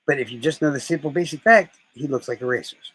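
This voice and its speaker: A man's voice: medium pitch, fast talker, fairly bright tone, husky, no room sound, poor audio. A man chatting casually on a live stream, rambling and swearing as he tells stories. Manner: rambling, profane storytelling.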